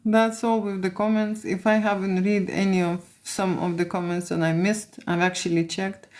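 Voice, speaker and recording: Speaking in a medium pitch with a darkish tone, this photographer from Lithuania has a Lithuanian accent. She reads comments aloud during a relaxed livestream, her talk sprinkled with frequent "okay?" and "you know" fillers.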